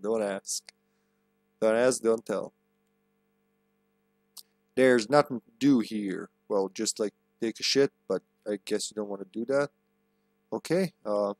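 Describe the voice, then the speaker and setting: A man's voice: mid-range voice, measured pace, dry recording, studio quality. A man streaming a game, casually commentating, cracking jokes, swearing, and reading the on-screen text aloud.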